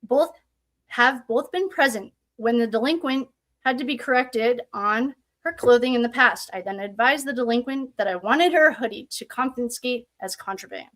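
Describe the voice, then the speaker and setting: A woman's voice: fairly high pitch, moderate pace, fairly bright tone. A woman reading prison records aloud in casual commentary, breaking off often for sarcastic asides. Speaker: true crime commentator.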